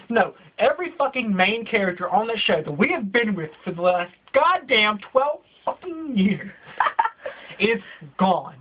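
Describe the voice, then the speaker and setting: A man's voice: high voice, big pitch swings, normal speed, slight background noise. A young man in his late teens, ranting in a comedic vlog with lots of profanity and exaggeration. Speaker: vlogger. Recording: dull lo-fi home video audio.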